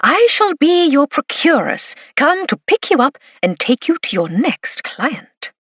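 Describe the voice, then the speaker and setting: A woman's voice: high-pitched, very animated, measured pace, a bit bright, dry recording, studio quality, pitched above the performer's own voice, full character voice. A woman voicing a spirited, playful aristocratic lady who speaks in a well-spoken, theatrical way.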